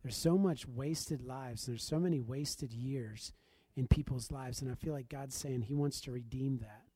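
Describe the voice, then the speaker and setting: A man's voice: medium pitch, unhurried, husky, no room sound. A man sharing a personal testimony in the manner of a preacher, telling the story with animation and acting out the dialogue. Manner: animated, acts out quoted dialogue.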